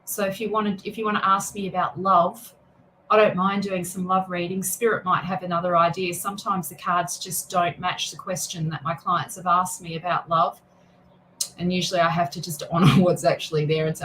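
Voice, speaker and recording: A woman's voice: on the low side, level tone, normal speed, a bit bright, slight background noise, poor audio. A woman tarot reader and spiritual mentor chatting casually on a livestream, greeting viewers by name and often restarting her sentences.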